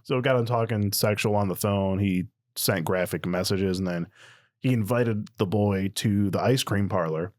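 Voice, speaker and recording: Guy w a cartoon-ish voice, low-ish, casual storytelling on a podcast, acts out the quotes, dead dry sound. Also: moderate pace, dry recording. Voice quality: high, cartoonish voice. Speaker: podcast guest, predator catcher.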